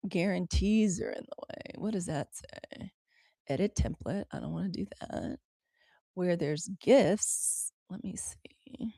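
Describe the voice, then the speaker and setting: An American woman runs a livestream news show, chatting casually with viewers she calls y'all while fumbling aloud through the app controls. Her lowish voice is slow, creaky, and mellow, captured in clean studio sound with no room sound.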